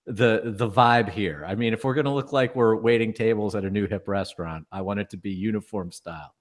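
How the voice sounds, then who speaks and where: A fairly low male voice in relaxed podcast chat. He teases his co-host with dry, offhand humor. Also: a little fast. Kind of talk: casual chat.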